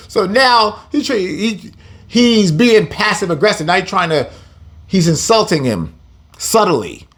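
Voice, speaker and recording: Speaking slowly with long pauses, a high-voiced Bible teacher gives a relaxed scripture lesson. He's animated and laughs a lot, reading verses first and then putting them into slang.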